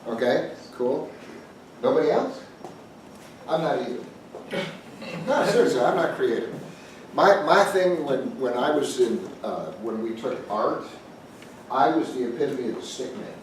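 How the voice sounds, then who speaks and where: In a mid-range voice, unhurried and pausing often, a male pastor spins an animated, joke-filled story for a group and trades banter with the people listening. The sound is echoey, captured from a distant mic with faint background noise.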